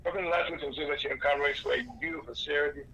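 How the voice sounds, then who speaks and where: A raspy man with a St. hosts a live call-in radio show, talking in a bright, gravelly, slightly high voice. The sound is dull and lo-fi, with faint hiss behind him. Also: very fast. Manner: lists cities in a long greeting. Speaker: radio talk show host.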